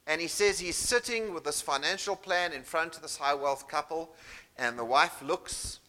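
Bright-voiced South African man giving a talk. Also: a little high, moderate pace. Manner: chatty, storytelling with self-deprecating humor. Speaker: keynote speaker. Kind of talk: conference breakout talk.

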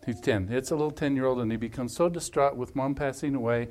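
Animated man coaching a couple. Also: mid-range voice, quick pace. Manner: animated storytelling with hypothetical scenarios; repetitive, emphatic phrasing. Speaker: family workshop speaker. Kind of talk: coaching a couple before a group.

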